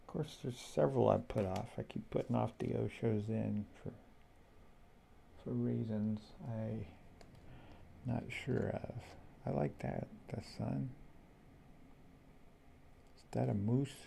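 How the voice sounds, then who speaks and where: Unhurried man with a gravelly, mellow voice, muttering thoughts as he looks through cards, faint hiss behind. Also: mid-range voice. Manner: slow, musing, talks to himself. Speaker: tarot deck reviewer. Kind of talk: casual flip-through commentary.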